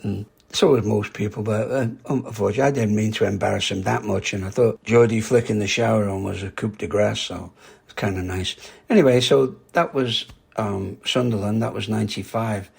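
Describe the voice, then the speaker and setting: A man's voice: medium pitch, gravelly, slightly rough. An older man, a karate instructor hosting a podcast, telling rambling anecdotes in a casual, chatty way and laughing at his own stories.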